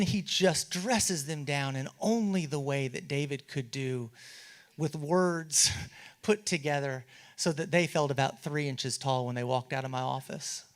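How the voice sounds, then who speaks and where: A man's voice: medium pitch, normal speed. A man, a state legislator, telling wry anecdotes in a memorial speech at a symposium. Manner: storytelling with quoted voices and wry humor. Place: auditorium at a symposium.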